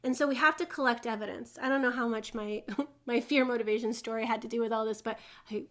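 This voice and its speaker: A young woman giving a casual spiritual teaching talk, an animated storyteller who laughs often and acts out little voices. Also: on the high side, fast talker. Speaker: host.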